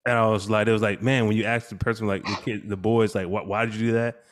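A man in casual podcast chat, animated and laughing often, acting out what his kids said. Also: on the low side, quick pace. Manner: animated storyteller, acts out quotes, laughs often.

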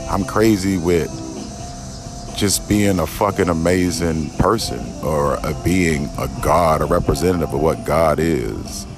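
A man's voice: rumbling low, a little slow, music in the background. A man giving a rambling spiritual monologue outdoors in a garden, profane and emphatic, often restarting and repeating himself. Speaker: podcast host.

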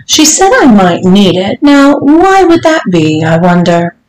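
An imperious, mocking older lady of the manor drawls her words in a storybook read-aloud, voiced by a woman. Her voice rides noticeably higher than the narration, slow and teasing. The room around her gives a roomy echo. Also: sing-song. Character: haughty, mocking wealthy older lady of the house.

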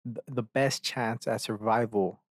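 A man's voice: on the low side, fairly even intonation, unhurried, no room sound. Young male podcast host, loose profane rant, dry close sound. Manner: profane, rambling storyteller who acts out characters. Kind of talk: casual rant.

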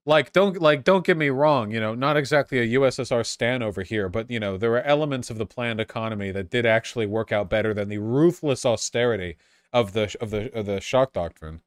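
A man streaming live, chatting casually and excitably with his viewers, swearing freely. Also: medium pitch, fairly quick, clean tone, no room sound, studio quality.

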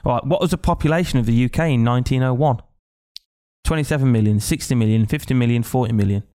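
A man's voice: mid-range voice, fast talker, dark tone, smooth. A man hosting a casual podcast chat, ranting and reading out quiz questions. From Britain. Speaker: podcast host.

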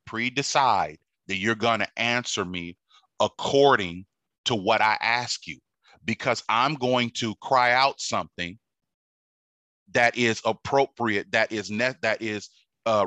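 A man's voice: on the low side, sharp tone, no echo. A man preaching a sermon in a conversational teaching manner, repeating phrases and checking in with his listeners. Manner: repetitive, conversational teaching with frequent check-ins.

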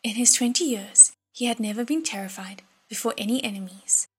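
Woman audiobook narrator, soft half-whispered delivery, very husky and slightly high. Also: fairly quick.

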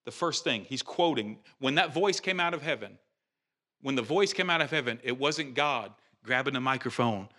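A man preaching a sermon in an animated, conversational way, restarting phrases and rising in pitch and volume for emphasis. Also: normal speed. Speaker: pastor.

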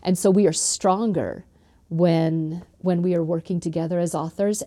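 A woman's voice: on the low side, measured pace, no echo. Earnest woman author telling stories. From northern Utah, USA. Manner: earnest, animated storyteller with frequent ums. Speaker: author guest. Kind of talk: interview storytelling.

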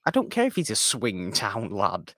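British male podcast co-host, lowish voice, dry close sound, playful banter. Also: normal speed, no room sound. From Britain. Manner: playful, mock-offended, animated. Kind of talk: casual chat.

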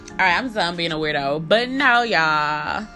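Bright-voiced woman in a laughing, slangy movie review. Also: lowish voice, measured pace, soft background music. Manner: animated, profane slang, laughs often. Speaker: podcast host. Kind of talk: casual horror movie review.

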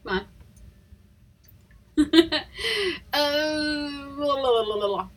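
A woman co-hosting a casual podcast game of guessing songs, giggly and animated, dropping to whispers while she thinks. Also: sits high, very slow. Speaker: podcast co-host.

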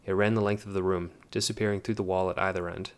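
A man narrating an audiobook in a measured, even way. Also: sits low, clean tone.

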